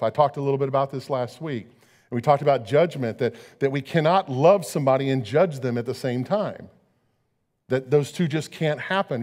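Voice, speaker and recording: A man's voice: medium pitch, a little mellow, long reverb tail. A man preaching a sermon as pastor, talking conversationally and asking his listeners rhetorical questions.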